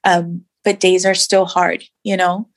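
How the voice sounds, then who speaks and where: A woman's voice: on the low side, level tone, measured pace. A woman guest in an interview, sharing her personal faith story in an earnest, reflective way with many fillers.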